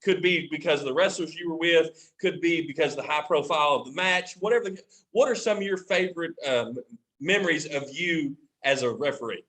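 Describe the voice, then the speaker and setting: A man's voice: a little high, brisk, a bit bright, rough recording. A man hosting a wrestling podcast, asking a rambling, enthusiastic question with fillers. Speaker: podcast host. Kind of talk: casual interview.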